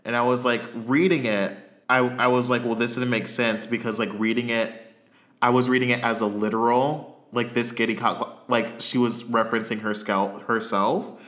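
Bright-voiced man giving blunt opinions. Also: mid-range voice, fairly even intonation, normal speed. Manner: frank, hesitant restarts, blunt verdicts. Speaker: podcast co-host. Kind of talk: casual chat reviewing a reality show.

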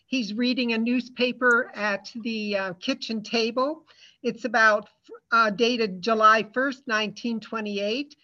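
A woman's voice: a little high, fairly even intonation, unhurried, sharp tone. A woman author from Iowa introducing her book in a plainspoken, matter-of-fact way over a video call. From Iowa, United States. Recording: dull lo-fi video call audio.

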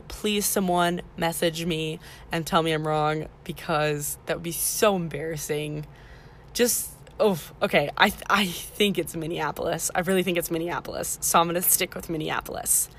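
A woman's voice: fairly low pitch, fairly even intonation, normal speed, a bit bright, a little hiss or hum. A woman hosting a casual podcast, talking beginners through the basics in a chatty way and correcting herself as she goes. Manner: chatty, self-correcting, teaching beginners step by step. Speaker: podcast host.

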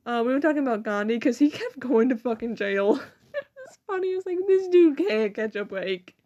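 A teenage girl, a student, telling school stories in casual chat, giggling often, swearing casually and quoting people in animated voices. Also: a little high, moderate pace, highs cut off. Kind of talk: casual storytelling.

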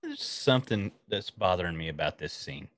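A man's voice: deep voice, animated, normal speed, fairly bright tone, dry recording, studio quality. A man co-hosting a casual podcast chat, nitpicking small details of the show he is discussing. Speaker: podcast co-host.

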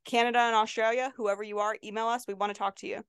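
A woman's voice: fairly high pitch, level tone, racing, fairly bright tone, smooth, dry recording, studio quality. A woman co-hosting a podcast in casual chat, playful and joking, who also reads the show plugs. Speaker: podcast co-host.

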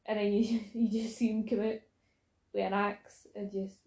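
A woman's voice: mid-range voice, level tone, moderate pace, darkish tone, reverberant, poor audio. A woman in casual podcast chat who laughs often and acts out quotes.

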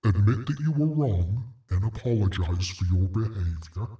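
A man voicing a stern, cold AI chatbot that lays down terms in a slow, commanding way. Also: fairly low pitch, animated, warm tone, reverberant, distant mic, muffled recording, lightly acted.

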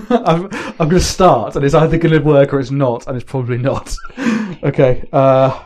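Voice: mid-range voice, normal speed, a little mellow. A player chatting casually during a party game, often flustered and laughing. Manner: giggly, flustered.

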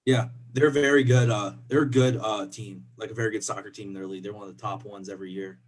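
A man's voice: fairly low pitch, steady tone, quick pace. A young man from co-hosting a casual sports podcast, playful and laughing often as he trash-talks.

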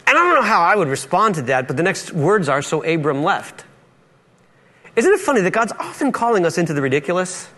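Man, pastor, sermon, church, high-pitched, very lively, playful. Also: a little fast. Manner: animated, playful, acts out Bible dialogue.

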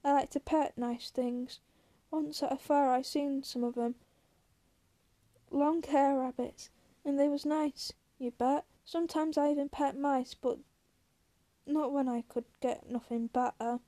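A woman reading as slow gentle farmhand man. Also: high voice, steady tone, dry recording. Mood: earnest. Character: big gentle simple-minded male farmhand.

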